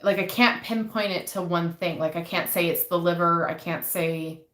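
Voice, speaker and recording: A woman reads tarot cards in a casual live session, her voice on the low side and her delivery soft and halting. She fills her pauses with ums as she works through each card. The room around her carries a noticeable echo. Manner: soft-spoken, hesitant, frequent ums, gets emotional. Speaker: tarot reader. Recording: echoey room.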